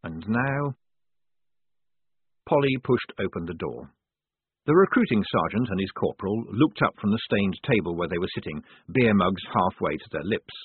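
A man's voice: low voice, animated, normal speed, slightly rough, no room sound. A man narrating an audiobook in a dry, wry storytelling manner. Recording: tinny phone-like dry sound.

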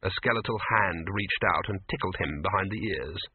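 A man narrating a story in an expressive, animated way. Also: low voice, moderate pace, slightly rough, no room sound. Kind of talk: audiobook reading on radio. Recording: narrow phone-like radio sound, dry.

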